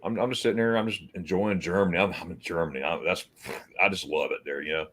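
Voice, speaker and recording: A man from the United States chats casually as a livestream host. His voice sits low, and he tells his stories loosely, stumbling over repeated words and playing out the lines of the people in them. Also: fast, fairly bright tone, slightly rough. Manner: storytelling, repeats words, acts out quotes.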